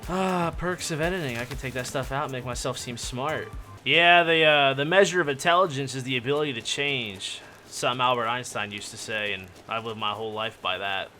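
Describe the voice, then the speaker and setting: A man's voice: mid-range voice, fairly quick, pushed and bright, soft background music. A man giving casual, joking gaming commentary, rambling and yelping when startled. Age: adult. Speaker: gaming YouTuber.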